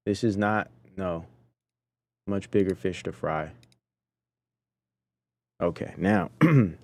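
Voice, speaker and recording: Low-voiced man preaching over clips. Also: gravelly, a little mellow. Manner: preachy, indignant, talks to chat. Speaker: podcast host. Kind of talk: commentary on clips.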